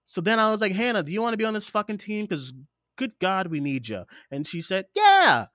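A man's voice: high voice, fast talker, fairly bright tone, no echo, clean studio sound. Earnest rambling man on a podcast mic. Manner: rambling, earnest, swears casually. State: teary-eyed. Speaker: podcast host. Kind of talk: casual chat. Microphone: desktop mic.

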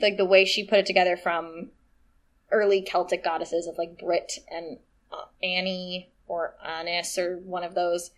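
Casting: woman, podcast co-host, chatty and animated, playful voice impressions. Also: lowish voice, moderate pace. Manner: animated, mimics voices with laughs. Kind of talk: casual chat.

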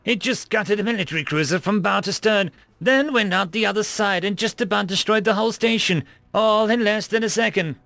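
A man's voice: high-pitched, brisk, vocal fry, hardly any pauses, fairly bright tone, no echo, voice pushed up. A man voicing a horrified male officer who exclaims in alarm at what he has just seen. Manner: raised, urgent, exclaiming.

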